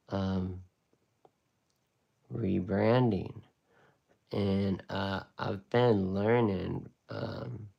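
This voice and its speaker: A man's voice: lowish voice, creaky, smooth. A man teaching a casual live watercolor lesson, chatty and rambling with laid-back slang. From United States.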